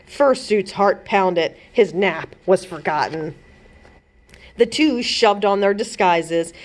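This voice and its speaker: A woman children's librarian narrating a chapter book aloud with expressive storytelling. She reads slowly and deliberately, and her pitch rises and falls in a lively, animated way that keeps young listeners hooked.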